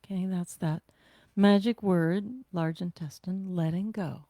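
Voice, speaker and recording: Woman self-care teacher, gentle guided-breathing delivery, unhurried, dry close sound. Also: on the low side, fairly even intonation, no echo. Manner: gentle, conversational, with sighs and exhales.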